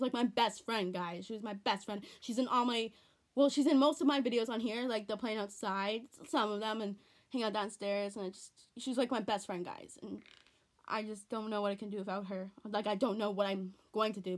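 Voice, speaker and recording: A teenage girl chatting casually in a home vlog, rambling and repeating herself in an earnest way. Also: mid-range voice. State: tearful, on the verge of crying. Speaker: vlogger.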